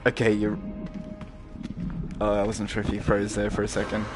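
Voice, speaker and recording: A young man giving live gameplay commentary to his chat, rambling, swearing freely and jumping into loud outbursts. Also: lowish voice, completely flat delivery, normal speed, music in the background. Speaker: streamer.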